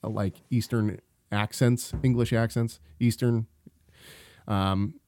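A man in casual podcast chat, an animated storyteller who laughs often and restarts his sentences. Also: on the low side, slow pace. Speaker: podcast co-host.

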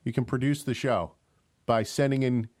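A man's voice: medium pitch, fairly even intonation, moderate pace, darkish tone. Joking, rambling male radio co-host. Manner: joking, rambling, laughs often. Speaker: co-host of an online radio show. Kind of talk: casual chat.

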